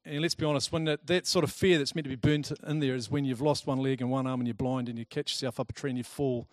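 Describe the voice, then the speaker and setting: A man giving a talk to a live audience, lively and chatty, telling personal stories and acting out the people in them. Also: mid-range voice, fast talker, no echo. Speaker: speaker presenting to a group.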